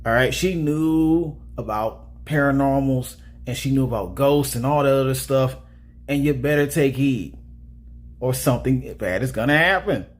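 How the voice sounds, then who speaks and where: A man's voice: medium pitch, normal speed. A man casually talking through a movie review in a chatty way, often checking in with "all right?".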